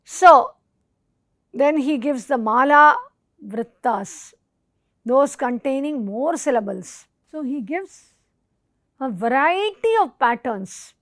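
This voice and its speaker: A woman from India delivers a recorded lecture at a slow, careful pace. Her voice sits high, and she recites Sanskrit verses and lists technical terms deliberately. The sound is dry and close. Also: lively intonation, a bit bright, no echo. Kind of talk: educational lecture.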